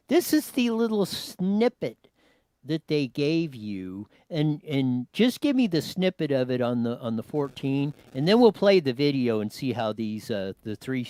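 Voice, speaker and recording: A news show host comments on a clip and gives cues to his producer, speaking in a fairly high voice with no echo. He's animated, addresses the producer directly, and restarts his sentences many times.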